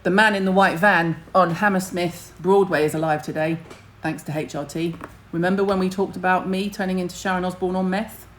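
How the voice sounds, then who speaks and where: A middle-aged woman hosts a relaxed livestream, her voice sitting slightly low. She rambles cheerfully and bluntly, dropping casual swears as she hops between topics. A faint hum of background noise runs under her webcam audio. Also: a little fast, hardly any pauses, low-quality recording. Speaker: skincare livestream host. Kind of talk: casual livestream chat to viewers.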